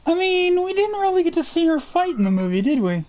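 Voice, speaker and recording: A woman's voice: very high-pitched, big pitch swings, brisk, darkish tone. A woman teasing her friends with wry remarks while they chat during a game stream. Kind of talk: casual gaming chat with friends.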